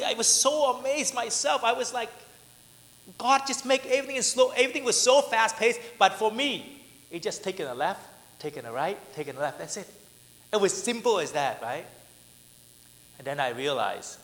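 A man preaching as a pastor, telling personal stories, often asking "right?" and swinging between loud and soft. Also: fairly high pitch. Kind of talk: sermon with personal testimony. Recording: echoey hall, speaker drifting off mic.

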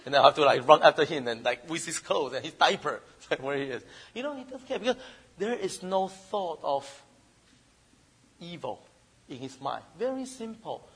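Male pastor preaching, husky voice, lively swooping pitch, slightly high, loud then hushed. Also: normal speed. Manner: animated, shifts between loud emphasis and soft asides; mimics whining child voices in falsetto. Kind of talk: sermon.

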